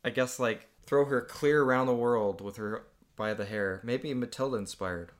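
A man's voice: medium pitch, moderate pace. A young man reading aloud his own childhood comic book in casual chat, amused and laughing often.

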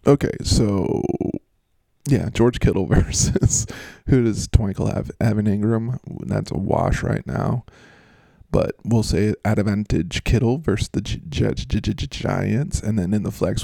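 Low gravelly guy rambling and joking through fantasy picks, dark dry sound. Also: dry recording. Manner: joking, rambling, self-mocking. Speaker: fantasy football host. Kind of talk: casual matchup breakdown.

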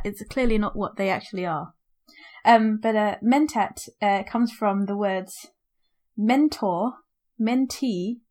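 A woman with a slightly high voice co-hosts a casual book podcast. She rambles, piling up asides and fillers as she talks. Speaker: podcast co-host. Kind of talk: casual book-club chat.

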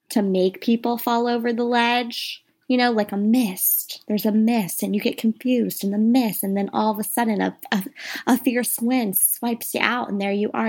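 A woman co-hosting a podcast, chatting casually as she tells ghost stories and talks straight to her listeners. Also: a little high. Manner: chatty, addresses listeners as "you guys". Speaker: podcast co-host. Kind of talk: casual ghost-story chat.

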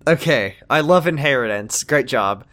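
A man's voice: medium pitch, animated, moderate pace, a bit bright. A man co-hosting a podcast, chatting casually about a TV show and making dry, sarcastic asides. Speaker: podcast co-host. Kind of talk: casual chat recapping a TV show.

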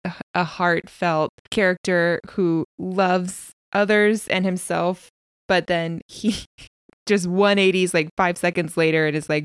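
A woman's voice: lowish voice, steady tone, measured pace, clear, resonant tone, dry recording, studio quality. Emotional, laughing woman podcast co-host. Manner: warm, emotional, laughs often, fond reactions. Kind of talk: casual chat.

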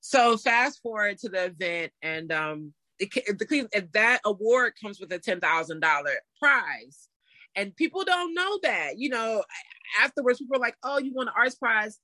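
Woman in her 30s telling a story, bright voice, dry close sound, acts out the quotes. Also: mid-range voice, moderate pace, dry recording. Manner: animated, acts out quotes with laughs. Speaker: interview guest. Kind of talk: casual storytelling.

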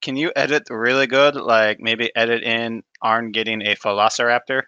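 Man, tabletop player, bright tense voice, dry close sound, jokey. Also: medium pitch, little pitch movement, smooth, dry recording, lo-fi sound. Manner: joking, quick interjections. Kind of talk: casual tabletop game chat.

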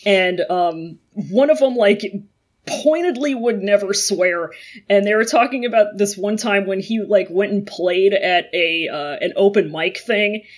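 A woman's voice: medium pitch, a little slow. A woman chatting casually and telling a school anecdote, laughing often between lines. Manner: laughing often, animated storytelling.

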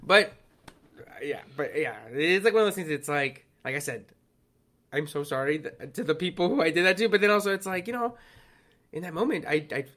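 A man in his late twenties co-hosting a podcast, telling a story in an excitable, self-mocking way. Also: fairly high pitch, brisk. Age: 20s. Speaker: podcast co-host. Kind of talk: casual storytelling.

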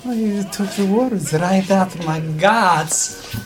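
A gushing Italian fashion designer. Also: male voice, sits high, slow, a little hiss or hum. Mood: playful. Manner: theatrical, gushing. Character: flamboyant grown Italian fashion designer son.

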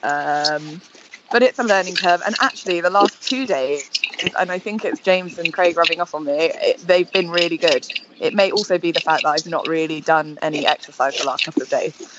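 A woman's voice: lowish voice, fairly quick. Giggly woman, lo-fi audio. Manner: giggly, self-deprecating. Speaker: podcast guest, triathlete. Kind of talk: casual chat. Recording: lo-fi with loud background noise.

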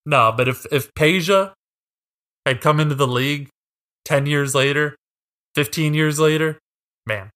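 A man's voice: a little high, unhurried, long pauses, fairly bright tone. A young man co-hosting a casual sports podcast, making his points in an earnest, chatty way. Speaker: podcast co-host.

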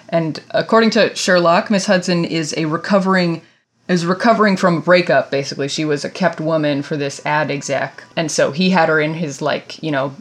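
Woman podcast co-host, lowish voice, chatty recap that slips into quick character voices. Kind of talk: casual chat.

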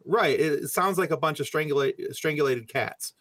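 A man's voice: fairly high pitch, moderate pace, fairly bright tone. A man hosting a casual interview, joking and easygoing as he asks questions. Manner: joking, easygoing, self-deprecating. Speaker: podcast host.

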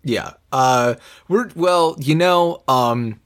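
A man's voice: mid-range voice, very slow. A man co-hosting a podcast in casual conversation, rambling with many fillers and the odd swear word. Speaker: podcast co-host reviewing an anime.

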